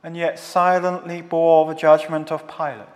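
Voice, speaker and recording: A man giving a measured, solemn sermon, building long rhetorical lists. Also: on the high side, level tone. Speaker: preacher. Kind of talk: scripted theological sermon. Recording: long hall reverb.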